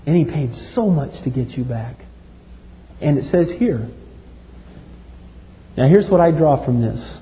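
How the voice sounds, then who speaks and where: Male preacher, impassioned sermon, lively raised pitch, dull hall recording. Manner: impassioned, swings from loud to hushed.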